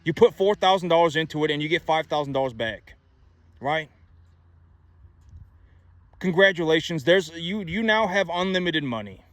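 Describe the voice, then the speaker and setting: A man's voice: on the high side, expressive, moderate pace, long pauses, a bit bright, no echo. A man giving money advice in a casual, emphatic monologue, repeating himself and asking rhetorical questions. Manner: repetitive, emphatic, many rhetorical "right?" asides.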